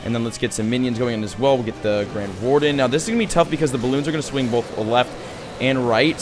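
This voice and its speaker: A young man commentating his mobile strategy game play as a YouTuber, excitable and prone to hype shouts. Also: medium pitch. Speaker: gaming YouTuber.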